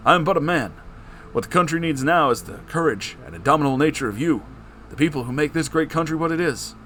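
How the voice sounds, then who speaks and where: A man's voice: on the high side, fairly bright tone, a little hiss or hum, voice pushed up. A man doing a self-admittedly bad impression of a president, delivering a rousing speech in a comedic story reading.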